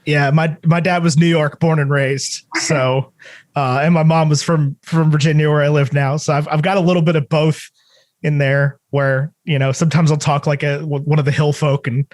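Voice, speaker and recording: A man's voice: a little high, little pitch movement, moderate pace, a little mellow. A man hosting a movie podcast, chatting casually and rambling through jokes and stories. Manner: rambling, joking, with many restarts. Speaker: podcast host. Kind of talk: casual interview chat.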